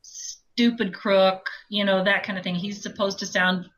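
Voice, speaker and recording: A woman with a low voice, an audiobook narrator talking through her approach in a chatty, explanatory interview. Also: steady tone, unhurried, fairly bright tone, rough recording. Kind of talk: conversational interview.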